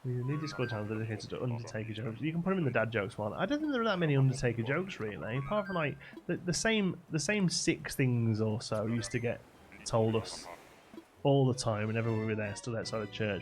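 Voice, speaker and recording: A man's voice: mid-range voice, lively intonation, quick pace. A young man streaming a game live, rambling casually as he answers chat messages aloud. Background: faint game music.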